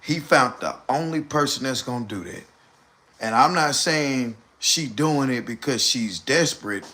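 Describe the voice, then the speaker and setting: A man's voice: mid-range voice, bright, forceful tone. A man talking casually on a live stream. He comments animatedly and repeats points for emphasis.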